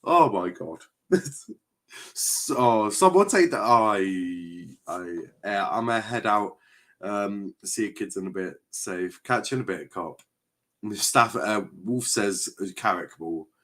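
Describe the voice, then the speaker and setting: Man, football watchalong streamer, swearing, exasperated, lively pitch. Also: measured pace. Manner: exasperated, swearing, chatty reactions to the match. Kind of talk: live football watchalong commentary.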